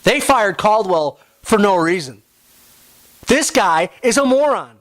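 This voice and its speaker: A man's voice: high-pitched, animated, slow pace, fairly bright tone, no echo. Fed-up young man ranting about football. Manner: frustrated, profane ranting. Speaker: podcast host. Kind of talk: sports podcast rant.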